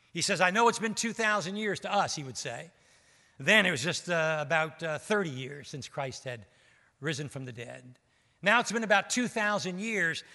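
A pastor with a high, sharp voice preaches a sermon in a reverberant hall, his emphasis rising as he puts rhetorical questions to the congregation.

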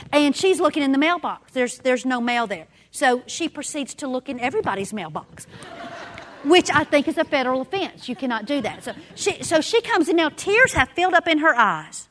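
A woman, a women's ministry speaker, giving a sermon in a meeting room and telling stories while acting out the dialogue. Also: high voice. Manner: animated storyteller, acts out dialogue. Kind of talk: sermon with personal storytelling. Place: indoor meeting room with audience.

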